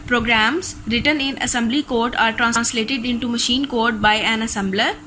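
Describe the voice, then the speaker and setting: A woman's voice: on the high side, fairly even intonation, moderate pace, pushed and bright, a little hiss or hum, rough recording. A woman teacher with a Pakistani accent, reading a recorded class lecture steadily from textbook notes.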